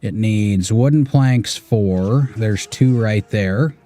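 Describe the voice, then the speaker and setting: A man's voice: lowish voice, slow pace, dark tone. Laid-back man narrating his gameplay. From Washington State. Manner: laid-back, muttering to himself, swears casually. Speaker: gaming streamer. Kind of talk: casual gameplay commentary.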